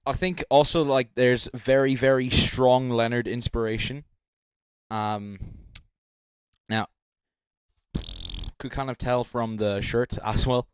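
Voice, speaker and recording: A man's voice: medium pitch, clear, resonant tone, dry recording. Rambling joking man on a stream. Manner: rambling, joking, filler-heavy. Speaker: livestream judge. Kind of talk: casual live-stream commentary. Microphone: handheld mic.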